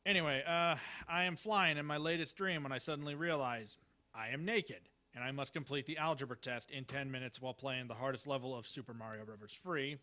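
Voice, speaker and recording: This man's mid-range voice sounds bright and forceful, and he talks fairly quickly. He's at an open mic in a small live venue, stumbling through Halloween one-liners with fillers, restarts and rambling hesitation.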